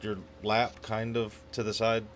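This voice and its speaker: A man's voice: on the low side, monotone, measured pace, a bit bright. A man co-hosting a podcast, making wry, offhand remarks in casual chat. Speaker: podcast co-host.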